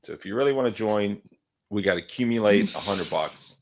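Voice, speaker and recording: A man co-hosting and producing a casual talk show, rambling and stopping often to clear his throat. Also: fairly low pitch, a little fast, slight background noise. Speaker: co-host and producer. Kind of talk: casual chat.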